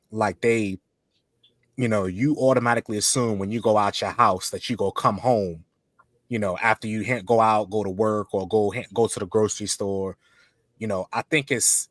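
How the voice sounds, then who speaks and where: A man talking as a podcast guest in casual chat, halting with many restarts and fillers. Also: fairly low pitch, a bit bright, no room sound.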